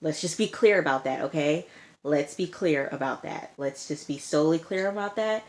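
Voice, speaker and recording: Sirens wail outside while a woman indoors, speaking low at a normal speed, recaps a reality TV show. She's casual and emphatic, repeating herself often with plenty of "like" and "okay."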